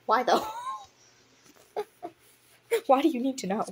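Young woman reading a story, breathy, bounces all over the place, keeps laughing and commenting. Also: high-pitched, takes it slowly. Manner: giggly and excitable, reacting loudly to the story. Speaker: audiobook reader.

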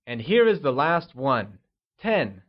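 Slow, deliberate male language teacher. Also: mid-range voice, lively intonation, highs cut off. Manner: slow, deliberate, models words for repeating. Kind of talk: scripted language lesson narration.

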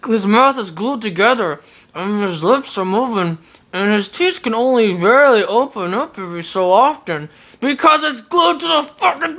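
A young adult video game reviewer giving a profane, exasperated, emphatic rant about a game. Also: high voice. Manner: animated, emphatic delivery.

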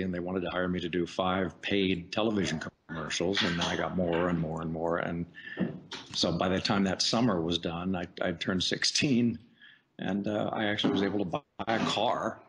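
Deep-voiced man telling career stories. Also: slight background noise. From United States. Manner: chatty, animated anecdotes with playful voice impressions. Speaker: voice actor guest. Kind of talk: casual interview storytelling.

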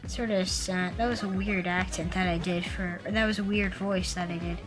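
A woman giving casual commentary on a video game, rambling and halting with lots of fillers. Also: lowish voice, steady tone, over music, poor audio. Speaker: let's player.

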